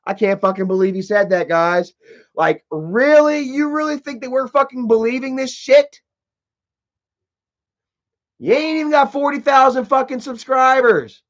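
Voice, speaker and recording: Male live streamer, high voice, aggressive profane rant, muffled low-fi stream audio. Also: a little slow, a bit bright.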